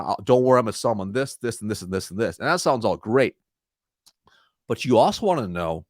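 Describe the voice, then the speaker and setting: Clean studio sound with no room tone carries a man's fairly low-pitched voice. He's a sales trainer appearing as a podcast guest, chatting in interview style, energetic and acting out bits of sales dialogue in quick asides.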